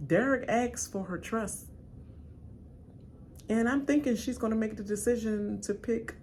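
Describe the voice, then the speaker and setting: A woman giving live reaction commentary to a reality show, slangy and animated, talking straight back at the people on screen. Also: a little hiss or hum. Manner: animated, pitch jumps high when emphatic. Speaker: reaction channel host.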